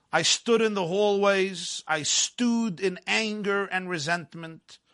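A man tells a personal story in the first person, measured and dramatic. His voice sits high for a man and sounds bright and forward. He often eases into softer, quieter passages.

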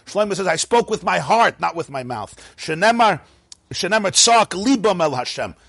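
A man leads a Chasidic text class in a slightly high, husky voice. He chants Hebrew lines in a sing-song and breaks into lively explanations, recorded close and dry. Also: moderate pace, no room sound. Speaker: Torah teacher.

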